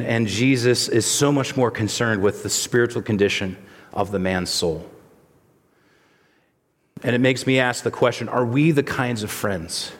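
A male pastor preaching a sermon in a conversational way, asking the listeners rhetorical questions. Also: mid-range voice. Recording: long reverb of a large hall.

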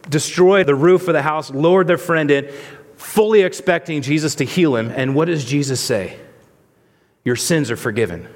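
Male pastor, mid-high voice, conversational sermon delivery, long reverb from a large sanctuary. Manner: conversational preaching with rhetorical questions.

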